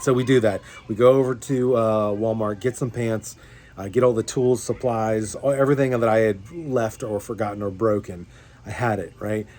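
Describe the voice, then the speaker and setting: A man's voice: on the low side, darkish tone. A young man, a fishing vlogger, rambling through a story of a bad day in casual chat, with many fillers and restarts. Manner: rambling, self-deprecating, full of fillers and restarts.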